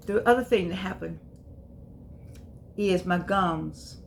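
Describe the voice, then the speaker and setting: A woman's voice: mid-range voice, slow, vocal fry, a little mellow. An older woman in her eighties talks in a loose, folksy way. She restarts her sentences and then presses her points home with emphasis. A faint hiss runs underneath her voice. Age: 80s. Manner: folksy, repeats herself, emphatic. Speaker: vlogger. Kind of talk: casual spoken reflection.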